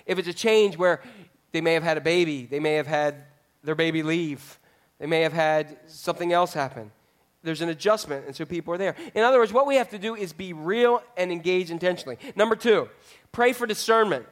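A man's voice: a little high, brisk. A male pastor preaching a sermon in a conversational way, often putting questions to the congregation.

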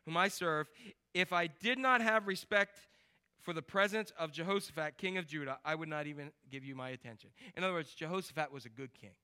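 Male pastor, high voice, bright tone, playful, quizzes the crowd. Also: clean tone. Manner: lively, jokey, quizzes the congregation. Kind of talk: sermon. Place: church.

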